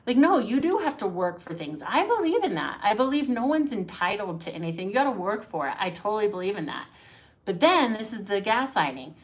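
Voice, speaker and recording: A woman who teaches acting talks straight to her viewers in a loose, chatty vlog. She leans on her points with emphasis and keeps checking in with a quick "right?". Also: mid-range voice, lively intonation. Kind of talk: casual talking-to-camera vlog.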